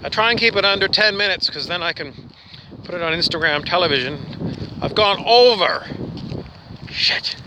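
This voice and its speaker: Man, high voice, weak put-on Australian accent, rambling mock-guru comic monologue, wind noise on the mic. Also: animated, moderate pace, long pauses. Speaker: comic host.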